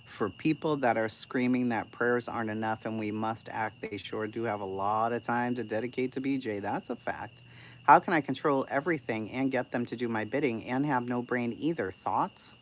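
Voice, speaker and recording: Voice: medium pitch, normal speed, slight background noise. A channel host giving casual live-stream commentary and answering chat, blunt, profane and sarcastic.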